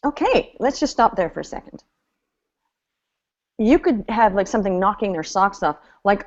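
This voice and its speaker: A chatty woman coach talks in a lively, playful way and laughs often. Her voice sits at a mid pitch. The audio is slightly dull and lo-fi. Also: moderate pace, long pauses. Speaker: business coach. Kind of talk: live online coaching seminar.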